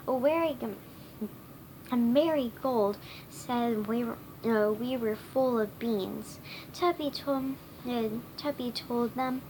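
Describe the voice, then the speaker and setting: A woman's voice: a little high, darkish tone, a little hiss or hum, rough recording. A woman reading a children's storybook aloud, stumbling and restarting words often. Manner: halting, stumbling reading with many restarts and self-corrections. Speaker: reader.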